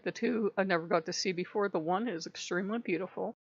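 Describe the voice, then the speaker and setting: A woman vlogger chatting casually and laughing as she retells stories in an animated way. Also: medium pitch, fast, few pauses, no echo, lo-fi sound. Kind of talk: casual chat.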